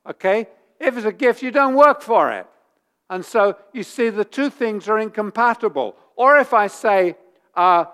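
A man's voice: high-pitched, normal speed, smooth. A man preaching a sermon, repeating his points and growing heated as he drives them home. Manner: animated, repeats points with rising force. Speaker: pastor.

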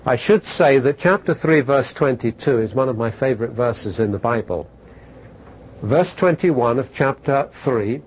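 A pastor preaches conversationally to his congregation, posing rhetorical questions and telling stories. His mid-range, darkish voice has lively intonation at a normal speed. The audio is poor, with a little hiss or hum.

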